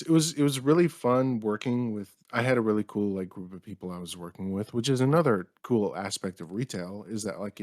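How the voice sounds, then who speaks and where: A man's voice: on the low side, no echo, studio quality. A young man co-hosting a casual comedy podcast, telling work anecdotes in a laid-back, slangy way. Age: young adult. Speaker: podcast co-host. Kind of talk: casual comedic chat, storytelling.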